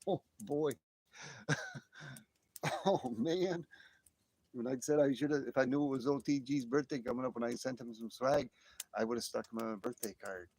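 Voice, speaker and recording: Chatting live with viewers from beside a nighttime fire, a man holds his phone and rambles excitedly, full of exclamations. His voice is medium in pitch and creaky, at normal speed, broken by long pauses.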